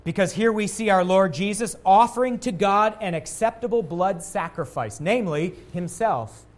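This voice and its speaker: A man preaching a sermon as a pastor, earnest, rising louder on quotations and dropping low and quiet at key points. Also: moderate pace.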